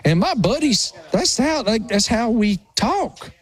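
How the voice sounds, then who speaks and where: Appalachian-accented man, chatty and animated. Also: extremely high pitch, a little slow. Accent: rural Appalachian. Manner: animated, self-mocking storyteller. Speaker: sports radio co-host. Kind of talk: casual chat.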